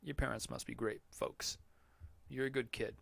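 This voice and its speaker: A man's voice: medium pitch, steady tone, normal speed, vocal fry, a bit bright, no echo. Rambling, cursing podcast guy. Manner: rambling, profane, joking. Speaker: podcast host answering chat questions. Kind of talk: casual live Q&A.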